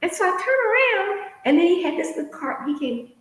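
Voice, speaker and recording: A woman's voice: extremely high pitch, big pitch swings, a little fast. A middle-aged woman co-hosting a casual chat, telling a funny story with lots of laughter. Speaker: co-host. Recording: heavy echoing hall-like reverb.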